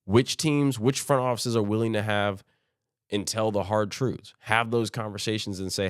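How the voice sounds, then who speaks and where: A podcast host with a fairly low pitch and fairly even intonation speaks at a normal speed, rambling conversationally through a solo sports episode. He often starts sentences over and quotes made-up teams in offhand voices. The clean studio sound has no echo.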